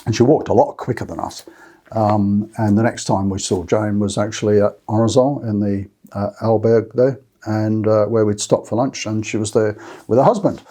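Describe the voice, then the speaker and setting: Australian male vlogger, husky, relaxed, rambling casual chat to camera. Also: on the low side, normal speed. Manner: rambling, many fillers and restarts. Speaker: Camino walking channel host. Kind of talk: casual talk to camera with notes.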